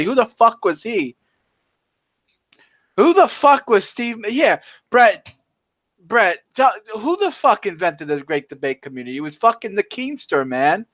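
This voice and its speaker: A man's voice: high voice, fairly bright tone, no room sound. A man in profane casual chat on a stream, telling crude, heated stories and laughing through his rants.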